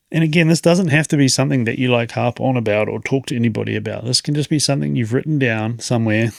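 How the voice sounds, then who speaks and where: A man's voice: mid-range voice, fast talker, vocal fry, no echo, studio quality. A man in his late thirties hosting a podcast, talking in a rambling, reflective way and chuckling often. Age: 30s. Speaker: podcast host. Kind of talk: casual podcast monologue.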